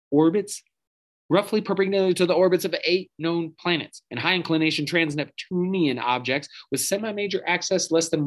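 A man's voice: fairly high pitch, low-quality recording. A man hosting a podcast, delivering a profane, sarcastic political rant and mocking his targets. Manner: sarcastic, mocking, swears freely. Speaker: podcast host.

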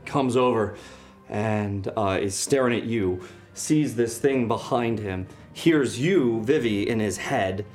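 A man running a tabletop game as game master, narrating with lively storytelling. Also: on the low side, slow pace, soft background music.

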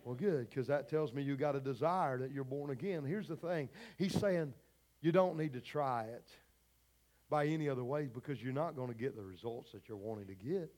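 A man's voice: medium pitch, normal speed, darkish tone. A man preaching a sermon to his congregation in a fervent, folksy way, speaking straight to the people in the pews. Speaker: pastor. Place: church service before a congregation.

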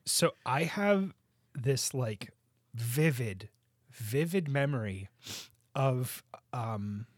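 A man's voice: medium pitch, animated, drawn-out words, no room sound, studio quality. A man co-hosting a podcast in casual chat, rambling and self-deprecating, swearing freely. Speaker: podcast co-host.

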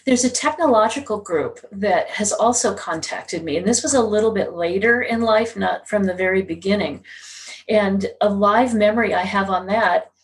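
A woman's voice: mid-range voice, normal speed, low-quality recording. Laughing woman telling a story. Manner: laughs often, acts out quoted voices. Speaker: guest. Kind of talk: casual interview, storytelling.

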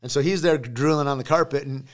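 A man's voice: medium pitch, quick pace. A man recounting a story in casual podcast conversation, acting out the voices of the people in it, in a studio. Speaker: podcast guest.

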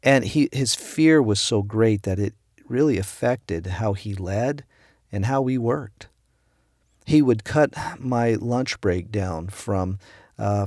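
Recorded dry with clean studio sound, this middle-aged pastor speaks in a lowish, slightly mellow voice. His devotional sermon centers on a personal story, and when he quotes the people in it, his voice rises.

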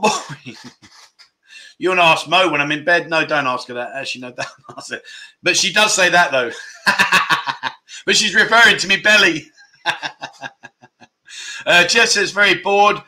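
A man's voice: on the high side, sharp tone. A middle-aged man hosting a casual livestream, reading out viewer comments with jokes and frequent laughter. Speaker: livestream host.

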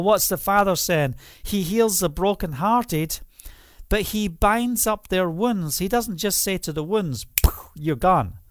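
A man's voice: high-pitched, dry recording, studio quality. A man preaching a livestream sermon, earnest and pleading, with many "you know" asides. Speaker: pastor.

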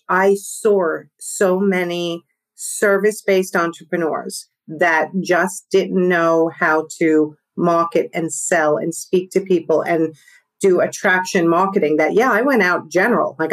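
A middle-aged woman with a New York accent, a business coach talking fast and energetically in a podcast interview, laughing often. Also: lowish voice.

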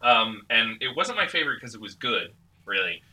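A man hosting a podcast, chatting casually with a very bright, sharp edge to his voice. He rambles, fills gaps with "um" and "like," and breaks into giggles often. His pitch sits in the middle for a man. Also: very animated, moderate pace, recorded from a distance, low-quality recording. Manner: rambling, giggly, lots of fillers. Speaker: podcast host. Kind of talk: casual chat.

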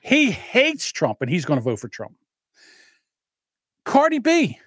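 Male co-host, slightly high voice, blunt joker, dry close mic. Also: huge pitch swings, a little slow, fairly bright tone, slightly rough, no room sound. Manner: blunt, joking, rambling with restarts. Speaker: podcast co-host. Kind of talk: casual political chat.

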